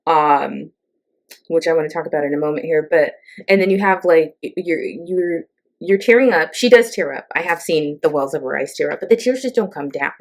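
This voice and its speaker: A woman's voice: low-pitched, brisk. A middle-aged woman hosting a casual, sarcastic ranting monologue, chatty and full of fillers and asides. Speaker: host.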